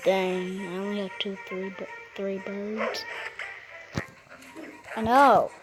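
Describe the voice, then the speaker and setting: A woman's voice: medium pitch, level tone, slow, music in the background, rough recording. Playful woman chatting over a game. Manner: playful, chatty, talks to the game characters and makes puns. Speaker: gamer. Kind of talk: casual game commentary.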